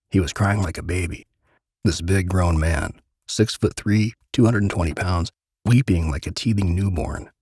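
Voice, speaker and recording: A man reading a gritty first-person crime story aloud in measured, dramatic narration. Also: deep voice, darkish tone, husky, no echo, studio quality.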